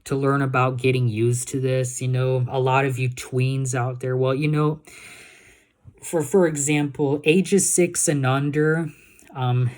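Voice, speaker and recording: A man's voice: mid-range voice, fairly even intonation, a little slow. A young man from Texas, without a Texas accent, talking casually to his viewers in a vlog. He stumbles and repeats words often, restarts his sentences, and keeps checking in with "you know, guys?". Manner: keeps asking "you know what I'm saying, guys?". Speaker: YouTube vlogger.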